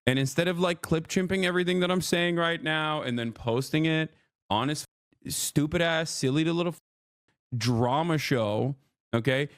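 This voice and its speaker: Here the man's voice is on the high side at a normal speed, with clean studio sound and no echo. He's broadcasting live, swearing and ranting in anger as he responds to another creator. The tone is profane and heated, a reaction rant to his live chat.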